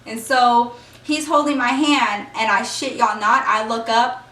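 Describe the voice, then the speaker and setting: Woman vlogger, storytime: high-ish, bright voice, chatty; echoey room, mic set back. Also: steady tone, a little slow, far from the mic. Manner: chatty, acts out quotes, says y'all. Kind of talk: casual storytime.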